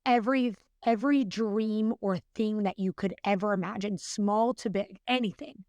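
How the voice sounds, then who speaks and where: A woman's voice: medium pitch, moderate pace, a little mellow, no echo. A young adult woman, a podcast guest, talking in an earnest, chatty way with lots of fillers. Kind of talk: casual podcast interview.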